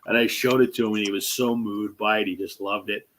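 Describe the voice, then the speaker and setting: A man with a fairly low voice, hosting a relaxed chat. He tells a story with animation and slips into the voices of the people he quotes. His speech is full of fillers and restarts. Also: brisk, a little hiss or hum. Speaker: host.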